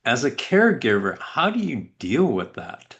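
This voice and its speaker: A man hosting a panel, asking the guests questions in a hesitant, halting way. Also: mid-range voice, huge pitch swings, a bit bright, lo-fi sound.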